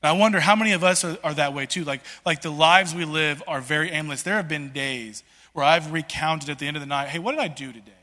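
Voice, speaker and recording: A pastor delivers a sermon in a lively, conversational way, tripping over his words as he pushes forward. His voice sits a little high and sounds bright and pressing. A long hall reverb hangs behind every phrase. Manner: conversational, animated, many "like"s and restarts.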